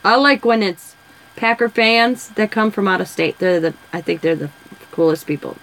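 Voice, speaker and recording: Over a rough recording, this woman speaks in a mid-range, slightly bright voice with fairly even intonation at a moderate pace. She's a craft vlogger who colors while telling rambling, chatty stories.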